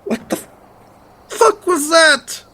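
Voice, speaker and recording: A shrill, foul-mouthed traveler woman, as a game master puts her on, her voice jumping high when she cries out in pain or disgust. She sounds jumpy and quick to curse, in a casual tabletop game. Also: expressive, husky. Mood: shocked disgust. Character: crude, frightened adult woman traveler.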